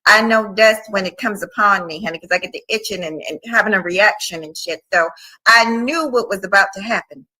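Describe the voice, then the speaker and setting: A woman's voice: medium pitch, a little fast, bright, forceful tone, poor audio. A woman hosting a livestream interview in casual chat, talking to her viewers as y'all. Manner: chatty, addresses viewers as y'all. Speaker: livestream host.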